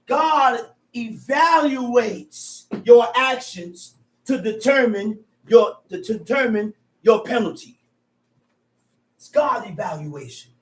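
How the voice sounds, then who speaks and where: High-voiced man preaching loudly in an echoey room. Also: expressive, slow. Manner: loud, emphatic, repeats words. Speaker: teacher. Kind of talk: street preaching. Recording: echoey, distant mic.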